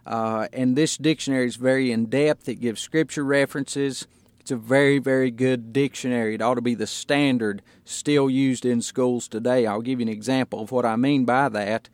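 A male pastor delivers a radio sermon in an unhurried, teaching way. He slows down and leans on individual words to drive his point home. His mid-range voice sounds dry and close, with no room around it. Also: mid-range voice, fairly even intonation, dry recording. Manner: deliberate, stresses single words.

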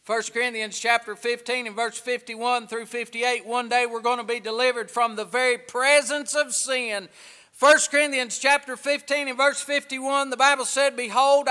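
A man preaching a sermon, swinging between hushed asides and loud, drawn-out emphasis. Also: extremely high pitch, vocal fry, long reverb tail. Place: church.

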